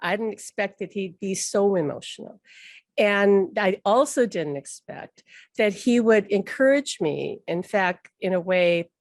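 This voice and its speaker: Woman just chatting away, lots of likes and little laughs, mid-pitch, super dry sound. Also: measured pace, no echo. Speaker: host. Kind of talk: casual spoken talk.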